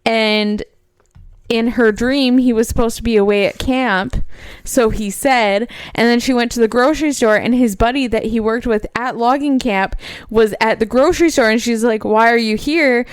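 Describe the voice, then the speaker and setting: A woman's voice: fairly high pitch, moderate pace, smooth, no echo, studio quality. A woman co-hosting a podcast in casual chat, a chatty storyteller who laughs often and fills with "like". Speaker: podcast co-host. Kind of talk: casual chat recapping a TV show.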